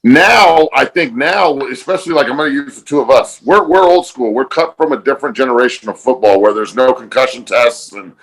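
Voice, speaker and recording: A man's voice: medium pitch, lively intonation, brisk, hardly any pauses, a bit bright, rough recording. A man hosting a podcast, talking bluntly and emphatically in casual chat, with frequent swearing. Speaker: podcast host.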